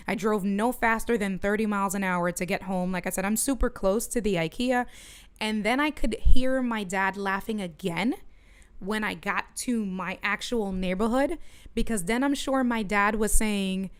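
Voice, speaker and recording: A middle-aged woman streaming from her home studio, telling a story in an animated way and talking to her chat. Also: medium pitch, a little slow, smooth. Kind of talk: casual livestream chat.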